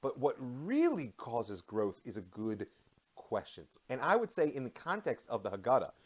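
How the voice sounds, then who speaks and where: A middle-aged man, a rabbi, giving an animated live online class with quick, self-deprecating asides. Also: medium pitch. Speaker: rabbi and teacher.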